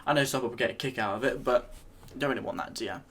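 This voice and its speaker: A man's voice: medium pitch, racing. A young British man with an easygoing, rambling manner, full of restarts and fillers, chatting as he reacts to a video. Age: young adult. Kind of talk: casual chat.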